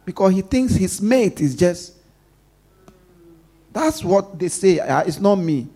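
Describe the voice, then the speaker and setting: Emphatic male preacher, somewhat high voice, call-and-response delivery, loud stresses then soft asides. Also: animated, takes it slowly. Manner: call-and-response, leaves questions for the congregation to finish. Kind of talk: sermon.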